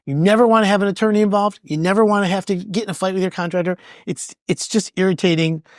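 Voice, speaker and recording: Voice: medium pitch, steady tone, fast, no room sound, studio quality. A podcast host giving casual, conversational advice on home improvement, often repeating words and acting out both sides of a conversation.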